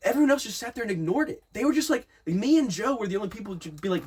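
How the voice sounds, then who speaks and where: A young man in casual chat, telling a party story in a rambling, profane, animated way, full of restarts and quoted dialogue. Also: sits high, rapid-fire, few pauses, husky.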